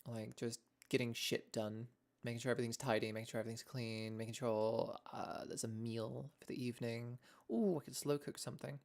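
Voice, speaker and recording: A woman's voice: a bass voice, fairly even intonation, fairly quick, gravelly, a little mellow. A young English woman streaming a casual chat, rambling and self-deprecating, laughing often as she talks to her viewers. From England.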